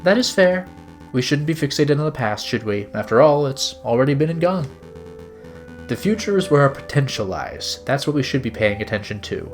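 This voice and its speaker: Man doing a sly fox investigator, suave, courtly, faintly raised pitch. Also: big pitch swings, normal speed, faint music behind, lightly acted. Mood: smooth. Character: sly male fox private investigator, smooth and theatrical.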